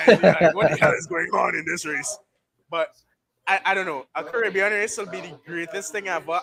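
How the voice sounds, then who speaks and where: Man, high-pitched, excitable watchalong host, noisy bar crowd behind. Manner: excitable, bursts into shouted mock commentary. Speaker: livestream host. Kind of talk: live race watchalong chat. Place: bar and grill.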